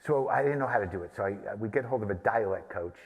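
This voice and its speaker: A man's voice: on the low side, lively intonation, fast, breathy edge, big-room sound. A man from New Mexico, a comedian and podcaster, telling a long, profane, self-deprecating story in a live on-stage conversation. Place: theater stage before an audience.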